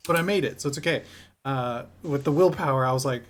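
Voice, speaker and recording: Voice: medium pitch, quick pace. A player in a tabletop game, talking casually, laughing often and swearing freely.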